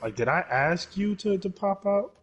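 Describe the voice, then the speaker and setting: A young man streams a game with excitable live commentary. His pitch leaps all over as he yelps and curses at what happens on screen. Faint noise hums behind him. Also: moderate pace. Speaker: gaming streamer.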